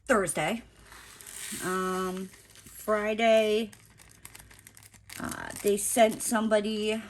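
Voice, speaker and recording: A woman's voice: medium pitch, a little hiss or hum. A woman vlogger chatting casually while she crafts, telling a story in a blunt, profane way, full of "like" and asides.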